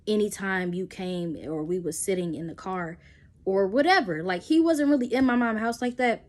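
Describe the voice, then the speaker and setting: A young woman, telling a personal story in a casual storytime and acting out the voices with sudden jumps in pitch. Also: moderate pace. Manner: animated, acts out quotes with pitch jumps.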